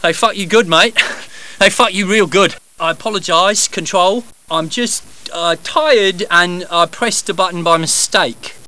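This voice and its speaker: A man's voice: high voice, measured pace, bright, forceful tone, no room sound. A cocky swearing gunman. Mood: sheepish. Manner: crude, swearing, cheering teammates on. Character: brash foul-mouthed male heist gunman, cocky. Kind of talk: game voice lines.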